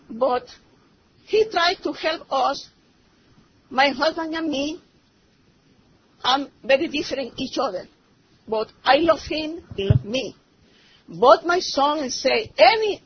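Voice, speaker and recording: A woman's voice: sits high, lively intonation, measured pace, long pauses. A middle-aged woman, a native Spanish speaker with a Spanish accent, giving a church testimony in broken English and slipping into Spanish as she tells her story. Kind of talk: personal testimony. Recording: slightly muffled recording with faint noise.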